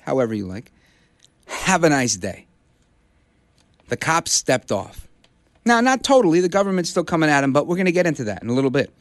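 A middle-aged man from Brooklyn, New York, with a slightly high voice, hosts a conservative talk radio show and delivers an impassioned, rallying monologue. He's on a studio broadcast mic with no room sound.

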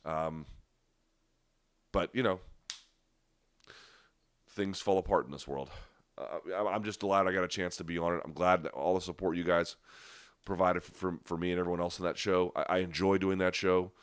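A man's voice: low voice, steady tone, moderate pace, long pauses, clear, resonant tone, no echo, clean studio sound. A man hosting a live chat, answering viewer questions in a conversational, emphatic way with restarts and a stuffy nose. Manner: conversational, frequent restarts and fillers, emphatic asides. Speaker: livestream host.

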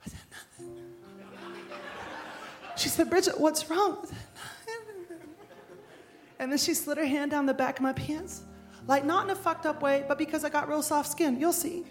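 A woman's voice: high voice, fairly even intonation, brisk. A woman comedian telling a crude, brash story in a live stand-up set. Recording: roomy live club with music. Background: music.

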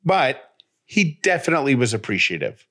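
A man's voice: medium pitch, moderate pace. A man co-hosting a podcast, casually telling a story and acting out the dialogue as he goes. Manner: animated, retells with quoted dialogue. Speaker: podcast co-host.

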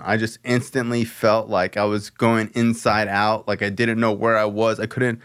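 A man's voice: lowish voice, flat delivery, normal speed, hardly any pauses, fairly bright tone, clean tone. A man hosting a podcast, telling a story in a loose, profane way full of "like" and fillers. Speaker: podcast host. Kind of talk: casual storytelling.

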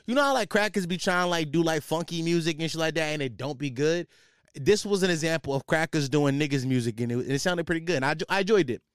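A man's voice: fairly high pitch, fast talker, clean tone, dry recording, clean studio sound. Rambling, profane young man on a podcast. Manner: rambling, profane, animated storytelling with slang. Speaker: podcast host. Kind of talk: casual solo podcast rant.

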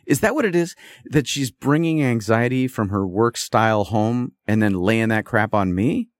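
A man's voice: fairly low pitch, lively intonation, normal speed, no echo, clean studio sound. A man hosting a podcast, telling a story in a rambling, exasperated casual monologue. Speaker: podcast host.

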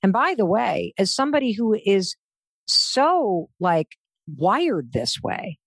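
A woman's voice: medium pitch, sing-song, slow pace, no room sound. Motivational woman guest, emphatic and earnest, dry sound. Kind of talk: motivational conversation.

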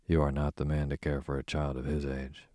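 A man reading an audiobook, voicing a quiet, earnest gentleman who speaks plainly and directly. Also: extremely low pitch, monotone, a little fast, dry recording, clean studio sound.

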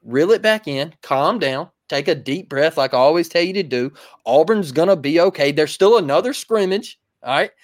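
A man co-hosting a sports talk show in a casual, emphatic manner, repeating his points to calm the listeners down. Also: a little high, normal speed, dry recording, clean studio sound. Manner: emphatic, preachy, repeats phrases. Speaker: podcast co-host.

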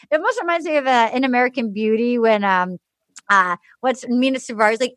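A woman podcast host recapping a reality show in casual chat, animated and laughing as she acts out quotes. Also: high-pitched, quick pace, no room sound, clean studio sound.

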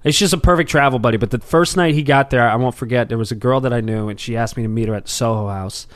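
A man's voice: mid-range voice, fast talker. A man, a stand-up comedian, telling stories in casual podcast chat, acting out quotes as he goes. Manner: animated, rambling, acts out quotes.

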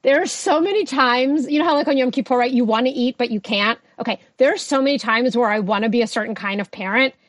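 A woman's voice: fairly high pitch, fast, hardly any pauses, dry recording. Reflective woman guest from Russia. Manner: reflective, laughs easily. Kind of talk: conversational podcast interview.

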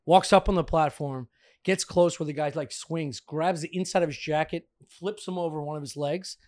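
A man's voice: a little high, moderate pace, dry recording. A man telling a wild story on a podcast with lots of swearing, acting out what people said. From Pennsylvania. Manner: animated, swearing, acting out quotes. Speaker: podcast co-host. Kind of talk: storytelling in casual chat.

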